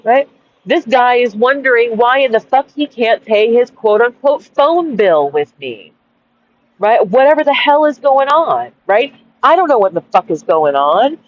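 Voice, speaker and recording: A woman in her forties venting on a dark sidewalk at night, angry, swearing constantly and repeating herself. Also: on the high side, very animated, unhurried, dull audio. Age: 40s. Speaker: vlogger. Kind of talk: rambling outdoor vent. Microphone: wireless headphones.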